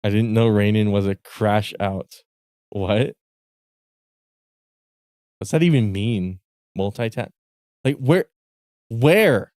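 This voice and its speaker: A young male streamer in a casual livestream rant, cursing and venting in frustration with bursts of yelling. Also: on the low side, slow, long pauses, dry recording, clean studio sound. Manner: frustrated, profane ranting with bursts of yelling and laughter.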